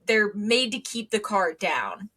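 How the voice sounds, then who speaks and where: A woman's voice: mid-range voice, big pitch swings, slow pace, bright, forceful tone, husky. A young woman co-hosting a casual podcast, rambling with lots of ums and wry asides. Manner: rambling, filler-heavy, wry. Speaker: podcast co-host. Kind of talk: casual chat.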